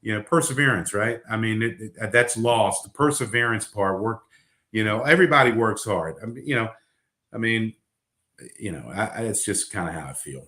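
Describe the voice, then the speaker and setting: A man's voice: lowish voice, moderate pace, sharp tone, reverberant. A middle-aged man, a coach, talking bluntly in casual podcast chat, rambling with fillers and restarts. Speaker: basketball coach.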